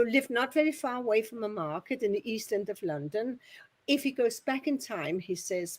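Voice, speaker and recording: Medium, woman, chatty and rambling, pitch on the higher side. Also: darkish tone. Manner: chatty, rambling, laughs often. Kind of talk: mediumship demonstration at a spiritualist service.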